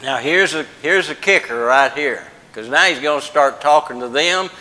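Older preacher in an echoey hall. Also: male voice, fairly high pitch, sharp tone. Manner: plain-spoken, joking, drawn-out emphasis. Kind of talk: folksy sermon.

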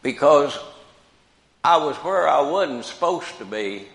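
Slow emphatic older preacher in echoing hall. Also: male voice, a little high, animated, creaky, a bit bright. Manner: slow, emphatic, repeats key phrases. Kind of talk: sermon. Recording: roomy hall with long reverb.

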